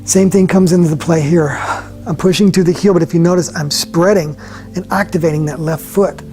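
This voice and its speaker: A man leading a yoga class, giving calm, slow step-by-step cues and often dropping his voice softly. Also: on the high side, soft background music. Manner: calm, slow guiding cues with soft drops in volume. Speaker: yoga instructor. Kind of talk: guided yoga class instruction.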